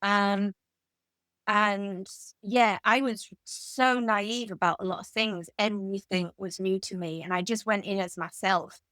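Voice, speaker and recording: An English woman in her fifties, a guest author in an interview, telling lively anecdotes. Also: mid-range voice, measured pace, no echo. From England. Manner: animated anecdotal storytelling. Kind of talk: conversational interview.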